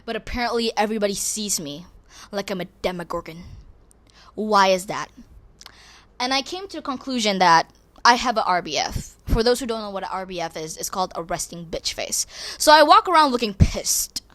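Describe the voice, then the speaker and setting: A woman's voice: mid-range voice, expressive, a little fast, a bit bright. A teenage girl talking casually and candidly to her viewers, rambling with restarts and growing exasperated as she rants. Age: teens. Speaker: vlogger. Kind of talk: casual confessional vlog.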